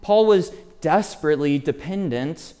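A man with a notably high voice preaching an expository sermon. He speaks earnestly, leans hard on key words and slows down to stress the verses he quotes, turning now and then to ask his listeners direct questions. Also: lively intonation, dark tone.

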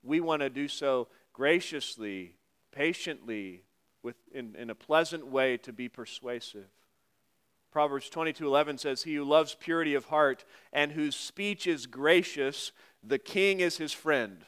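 A man delivering a sermon in a smooth, clear voice that sits a little high for a man. He talks to his listeners conversationally, slows down to read scripture aloud, and drops in wry asides. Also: a bit bright. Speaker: pastor.

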